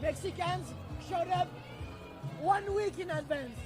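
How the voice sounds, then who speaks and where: A man from France with a French accent, talking in a street interview in an excited, halting way. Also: very high voice. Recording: loud crowd and music outdoors.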